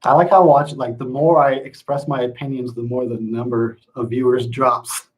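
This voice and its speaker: Profane, laughing livestream host. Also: male voice, medium pitch, steady tone, normal speed, low-quality recording. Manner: loose, profane and laughing, slipping into rants. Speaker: livestream host reading chat. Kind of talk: casual livestream chat.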